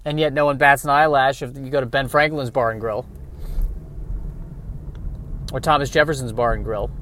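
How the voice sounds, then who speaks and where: A man's voice: mid-range voice, fairly even intonation, normal speed, a bit bright, a little hiss or hum. A man talking in a rambling comic monologue, digressive and self-mocking, often talking to himself. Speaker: vlogger.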